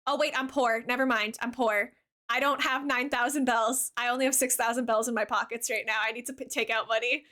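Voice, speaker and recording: Bubbly high-voiced woman streamer. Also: fairly even intonation, fairly quick. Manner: bubbly and chatty, many "like" fillers, giggly; warm toward chat, gushing. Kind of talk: casual live-stream chat while gaming.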